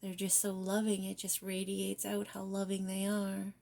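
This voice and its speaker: A woman giving a spiritual guidance card reading, soft and reflective, often slipping into near-whispers and casual, mildly profane phrasing. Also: medium pitch, completely flat delivery, normal speed, gravelly. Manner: casual, with mild swearing. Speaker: tarot reader.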